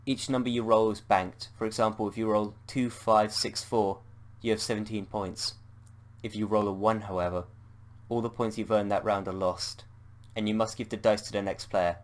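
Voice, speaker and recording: British man reading a text adventure game aloud as a gamer, slightly low voice, playful, swears at slips. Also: fairly even intonation, moderate pace. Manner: playful, swears at slip-ups.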